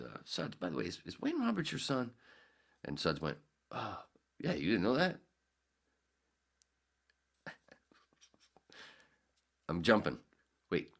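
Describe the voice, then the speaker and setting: A man's voice: very deep voice, creaky, fairly bright tone. A middle-aged man hosting a podcast, telling a rambling anecdote in casual storytelling style, correcting himself as he goes. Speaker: podcast host.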